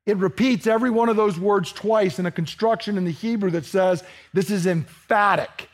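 A man's voice: high voice, normal speed. A man preaching a sermon to a congregation, asking them questions and acting out the dialogue of the story. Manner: animated, asks the congregation questions, acts out dialogue.

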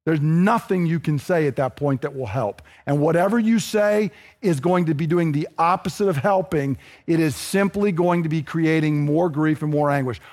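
A man's voice: on the high side, normal speed, hardly any pauses, darkish tone. A middle-aged man preaching a sermon as pastor, earnest and building to emphatic intensity.

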